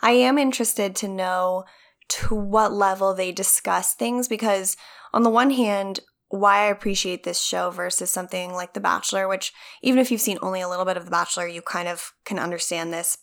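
A chatty woman in casual podcast conversation. She tells stories with lively energy, acts out what people said, and drops the odd swear word. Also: mid-range voice, a little fast. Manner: chatty, animated storytelling with lots of quoting and casual swearing. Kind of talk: casual chat recapping a reality show.

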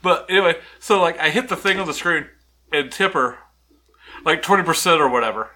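A man with a very bright, lively voice joking around on a podcast. He tells loose stories and laughs often, his pitch swinging widely. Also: fairly quick. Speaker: podcast co-host. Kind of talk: casual chat.

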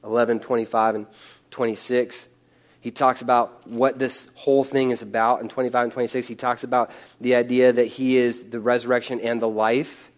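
A male pastor preaching a sermon into a microphone, moving from loud, pleading bursts to hushed, slow passages. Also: medium pitch, little pitch movement.

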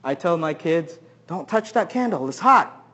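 Guy with a pretty high voice giving a sermon, asks the crowd lots of questions, goes loud then quiet. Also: sing-song, measured pace, husky, highs cut off. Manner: asks the audience many questions. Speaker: pastor.

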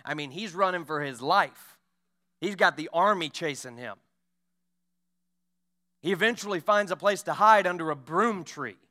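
A male pastor preaching a sermon, retelling Bible stories with lively acted-out voices. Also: on the high side, clean tone. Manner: storytelling preacher acting out Bible scenes. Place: church.

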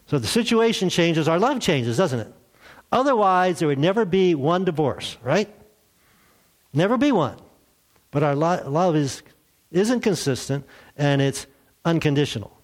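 A man's voice: fairly high pitch, expressive, unhurried, pauses often. A man preaching a sermon in a church, in a conversational way, asking rhetorical questions and telling light jokes. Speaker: pastor.

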